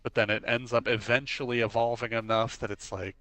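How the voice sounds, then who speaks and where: A young man chats on his stream and rambles through stories. He says "like" at every turn and acts out lines as he goes. His voice is bright and forward, and the sound is dry, with faint music underneath. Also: medium pitch, a little fast, no room sound. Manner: rambling, leans on the filler "like"; animated storyteller who acts out quotes. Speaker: livestream host. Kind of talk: casual chat while streaming.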